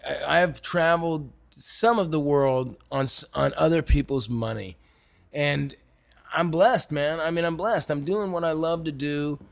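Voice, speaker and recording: A man telling stories in a casual bar conversation, animated and loud when he acts out quotes. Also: on the high side, unhurried, creaky. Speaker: stuntman and actor, podcast guest. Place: bar in Hollywood.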